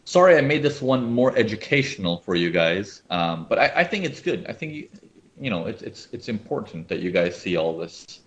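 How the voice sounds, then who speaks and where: A man's voice: lowish voice, moderate pace, muffled recording. A man running a live webinar on trading, explaining charts and often checking whether viewers follow. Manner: animated, asks viewers often. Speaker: trading educator.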